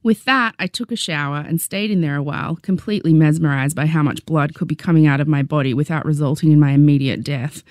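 A young adult woman with an Australian accent narrating her memoir with wry, deadpan humor. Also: deep voice, fast talker, few pauses, no room sound, clean studio sound.

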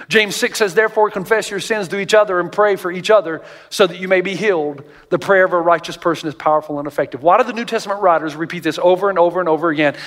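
A male pastor preaching a sermon, animated and storytelling, often jumping up in pitch to act out other people's voices, in a large church auditorium. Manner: animated storytelling, jumps high for quoted voices. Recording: long reverb of a large hall.

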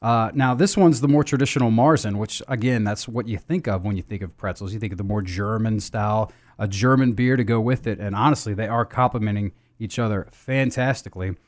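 A man hosting a beer podcast in casual chat, rambling with restarts and fillers and jumping up and down in pitch and loudness. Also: a little fast, few pauses.

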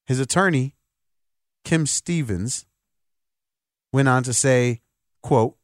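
Animated opinionated male radio host. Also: medium pitch, takes it slowly, long pauses, no room sound, studio quality. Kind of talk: solo sports talk radio monologue.

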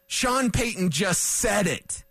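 A man's voice: high-pitched, animated, slow, gravelly, sharp tone, no room sound, faint music behind. A male sports radio host delivering a fired-up, combative rant in a studio, hammering his points with repetition. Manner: emphatic, combative, repeats points for punch.

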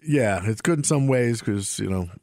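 Lively-voiced man telling rambling stories. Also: medium pitch, moderate pace, no room sound, studio quality. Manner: rambling, self-mocking, breaks into laughter. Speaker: former police officer, show regular. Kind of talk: casual storytelling on a sports talk show.

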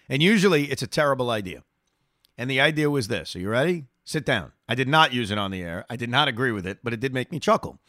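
A man's voice: mid-range voice, lively intonation, fast, fairly bright tone, no room sound, clean studio sound. A man hosting sports talk radio, reading listener email and answering in an emphatic way that repeats phrases for effect.

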